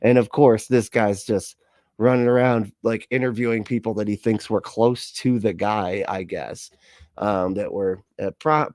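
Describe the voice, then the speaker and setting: A low-voiced man talks with sarcastic, rambling energy as he hosts a casual livestream. His sound is dry and close, with no room around it. He laughs often between his asides. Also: fairly even intonation, measured pace, a little mellow, no echo. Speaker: livestream host reacting to a video.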